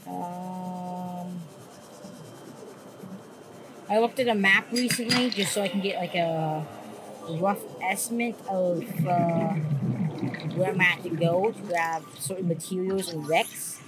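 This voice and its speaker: Woman, gaming commentary, rambling, swearing, jumpy, clear background noise. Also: lowish voice, fairly even intonation, unhurried. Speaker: gaming YouTuber. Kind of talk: casual gameplay commentary.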